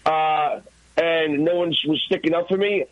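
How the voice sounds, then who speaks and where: A man, a guest and former radio intern, telling an animated, profane story in a podcast interview. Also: a little high, unhurried, no room sound, narrow, tinny audio. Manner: profane, excited, acts out his own shouts.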